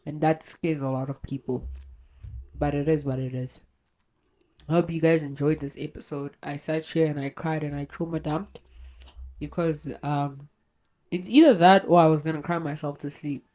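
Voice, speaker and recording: Low-voiced woman podcaster. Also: steady tone, moderate pace, dark tone. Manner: raw, blunt, swears freely, trails off. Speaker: podcast host. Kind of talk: confessional podcast monologue.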